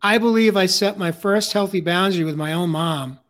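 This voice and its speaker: High-voiced earnest older man. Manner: warm, earnest, halting with fillers. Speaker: life coach. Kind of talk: casual conversation.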